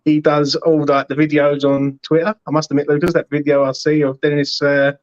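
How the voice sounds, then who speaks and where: A man's voice: fairly high pitch, little pitch movement, brisk, lo-fi sound. A man hosting a casual chat show, chirpy and full of banter. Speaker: host.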